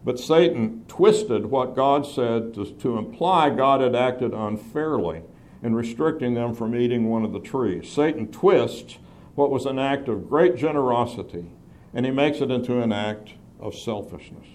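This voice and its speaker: A man teaching a Bible class, explaining scripture in a measured way and stressing key phrases. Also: medium pitch, darkish tone.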